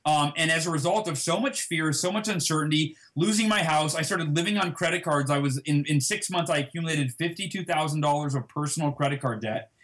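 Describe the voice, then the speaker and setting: A man telling a personal story as an interview guest, acting out past conversations with lively emphasis. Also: on the high side, a little fast, few pauses. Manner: animated, reenacts dialogue with emphasis.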